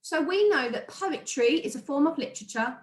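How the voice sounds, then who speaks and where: Her voice sits high and is expressive, with a moderate pace. She's a British primary school teacher recording a remote lesson in an echoey room, encouraging the young children as she sounds out words.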